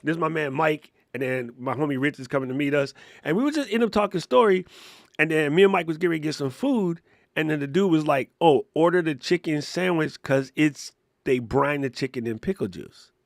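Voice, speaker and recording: Animated man from Hawaii telling stories. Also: a little high, a little fast, vocal fry, no room sound, studio quality. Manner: animated storytelling, acts out voices in anecdotes. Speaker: podcast co-host. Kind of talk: casual live podcast chat.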